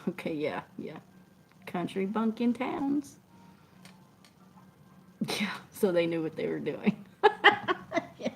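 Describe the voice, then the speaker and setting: A woman's voice: lowish voice, slow, gravelly, long pauses, a little hiss or hum. A middle-aged woman, telling a story in casual chat and laughing often as she acts out what people said. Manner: animated, laughing often, acting out quotes. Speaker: truck driver and show host. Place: truck cab.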